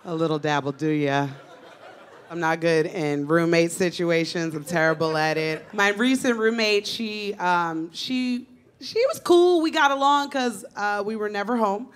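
A woman in her thirties performing a stand-up comedy set on a club stage, with a brash, punchy delivery and sudden shouted bits. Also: fairly low pitch, measured pace. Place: comedy club stage before a laughing audience. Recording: live club recording with audience laughter.

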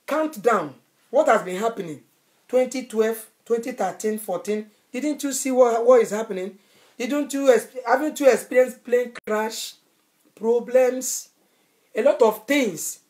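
A woman's voice: a little high, a little mellow. A woman evangelist preaching a sermon, fervent and repeating her phrases for emphasis. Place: Europe.

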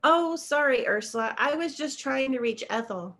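A woman's voice: high voice, expressive, normal speed, fairly bright tone. A woman reading as a lonely old widower on the phone. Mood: hesitant. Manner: polite, hesitant inquiring.

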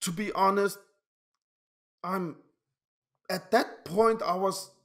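A man's voice: high-pitched, fairly even intonation, slow, fairly bright tone. A man, telling a YouTube vlog story as an agitated rant, swearing often and restarting his sentences. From Denmark. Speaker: pinball YouTuber.

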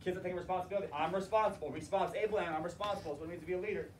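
A male teacher giving a classroom lecture on leadership and telling stories in an animated, emphatic way. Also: high-pitched, very fast. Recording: roomy, distant mic, faint noise.

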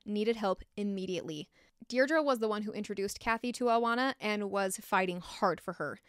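A woman's voice: on the high side, fairly bright tone, clear, resonant tone, no echo, studio quality. A woman hosting a true crime podcast, telling the story in a blunt, passionate way and swearing when angry. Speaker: podcast host.

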